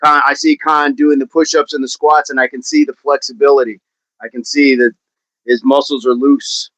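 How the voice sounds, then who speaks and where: A man's voice: medium pitch, level tone, moderate pace, fairly bright tone, no echo. A man coaching fitness on a livestream, talking with viewers in an upbeat, encouraging way and often repeating his phrases. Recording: dull, dry livestream audio.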